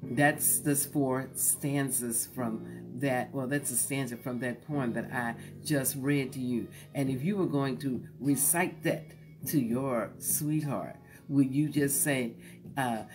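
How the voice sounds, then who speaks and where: A woman host coaching her audience on reading poems aloud, in a relaxed, folksy tone that jokes easily. She draws her words out slowly and now and then sinks into a hushed whisper. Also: rumbling low, soft background music. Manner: slow and drawn-out, sometimes dropping to a soft whisper; folksy and joking. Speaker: host teaching poetry recitation. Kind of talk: relaxed instructional talk to an online audience.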